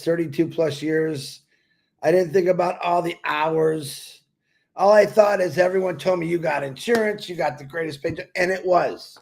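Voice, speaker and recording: An older retired man, co-hosting a pre-recorded show, talks casually in an easygoing, reflective way and laughs now and then. His congested voice is a little high and gravelly.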